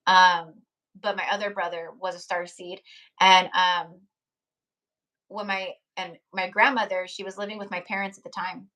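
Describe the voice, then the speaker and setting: A woman's voice: lowish voice, flat delivery, moderate pace, pushed and bright. Rambling, heartfelt woman on a live stream. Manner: rambling, heartfelt, lots of fillers. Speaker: tarot reader hosting a live stream. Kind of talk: casual live-stream chat.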